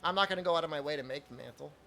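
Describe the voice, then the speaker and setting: A man's voice: fairly high pitch, rapid-fire, gravelly, pushed and bright, a little hiss or hum. A man streaming a video game, chatting casually with his chat, answering questions and laughing often.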